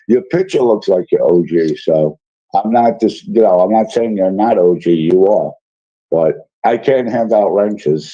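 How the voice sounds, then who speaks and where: A man's voice: medium pitch, mellow. A man hosting a casual livestream, reading chat messages aloud and answering them in a rambling, apologetic way with many fillers. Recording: dull lo-fi stream audio.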